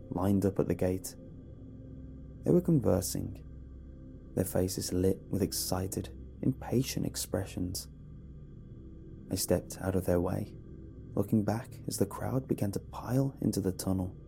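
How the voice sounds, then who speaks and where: A man narrating a horror story in a measured, dramatic way over a faint music bed. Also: low voice, vocal fry, mellow.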